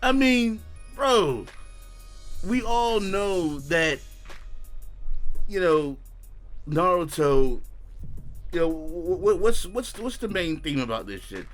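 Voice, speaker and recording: A young man hosting an anime reaction channel, ranting casually in profane slang and breaking into shouts and laughs. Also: fairly high pitch, sing-song, slow pace, long pauses, faint music behind. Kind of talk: casual reaction review rant.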